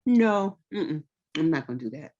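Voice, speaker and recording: A woman's voice: extremely low pitch, expressive, quick pace, a little mellow, muffled recording, full character voice. Woman doing a stubborn girl refusing to share. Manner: firm, refusing, smug. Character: stubborn young girl cousin hoarding candy.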